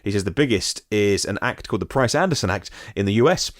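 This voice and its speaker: A man's voice: lowish voice, expressive, quick pace, no room sound, clean studio sound. A man hosting a daily news podcast, reading out listener comments and adding wry, sarcastic asides of his own. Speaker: podcast host.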